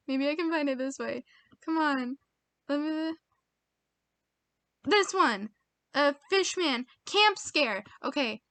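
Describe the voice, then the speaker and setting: A woman's voice: high-pitched, bright, forceful tone, dry recording. A young American woman reading quiz options aloud in casual chat, giggly and self-mocking, muttering as she goes. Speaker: video creator taking online quizzes.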